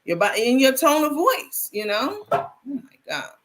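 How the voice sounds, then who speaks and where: A woman's voice: sits high, sing-song, moderate pace, heavy background noise. A woman hosting a live stream, chatting casually and reading viewer comments aloud with frequent restarts.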